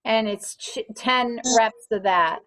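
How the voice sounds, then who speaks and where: A woman instructor with a bright, slightly high voice guides a group through floor exercises. She calls out positions and reps one cue at a time and tells people it is fine if they can't manage a move. Her talk is clear and patient. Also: slow pace, low-quality recording. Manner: clear step-by-step cues with gentle reassurance. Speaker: fitness instructor.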